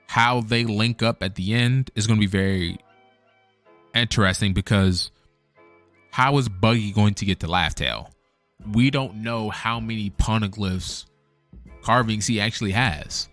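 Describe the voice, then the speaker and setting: A man with a low, deep voice gives a loose, chatty reaction to a comic chapter. He talks like an eager fan. Soft music plays quietly underneath. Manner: excited, chatty fan talk. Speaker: manga reaction host. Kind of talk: casual live reaction commentary.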